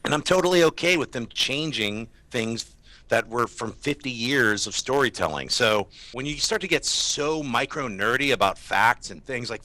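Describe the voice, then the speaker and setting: A man's voice: mid-range voice, sing-song, moderate pace, bright, forceful tone, dry recording. A male co-host losing his voice, giving emphatic, opinionated takes in a casual panel chat. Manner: opinionated, emphatic, mocks fan complaints. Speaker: movie show co-host.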